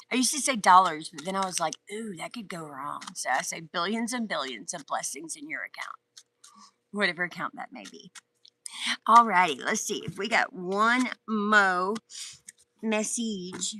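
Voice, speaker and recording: A chatty woman gives a relaxed tarot reading outside on a windy day. Her voice is bright and clear, and her pitch sits in the middle range. She rambles warmly from thought to thought and laughs easily. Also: unhurried, low-quality recording. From North Georgia, US. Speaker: tarot reader. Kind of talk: casual live tarot reading. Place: outdoors in the wind.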